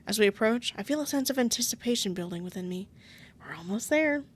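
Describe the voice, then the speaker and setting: A game streamer with a sore throat reads a visual novel aloud, talking fast in a mid-range voice. She keeps breaking off into casual asides that poke fun at herself.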